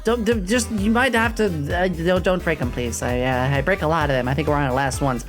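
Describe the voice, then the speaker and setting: A young woman streaming live, chatting casually with her viewers in an excitable, giggly way, jumping between high squeals and low mutters. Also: fairly quick, faint music behind.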